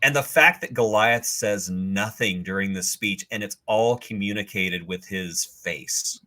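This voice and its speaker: A man with a low, bright, forceful voice chats casually on a podcast. He talks enthusiastically, teasing about what he won't give away. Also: a little slow. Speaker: podcast co-host. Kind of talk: casual chat.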